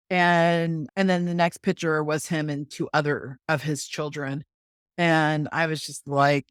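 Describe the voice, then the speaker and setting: A woman hosts a podcast in a casual, frank chat, with firm opinions. Her voice is very low for a woman. The recording is dry, with no room echo. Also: level tone, unhurried. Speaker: podcast host.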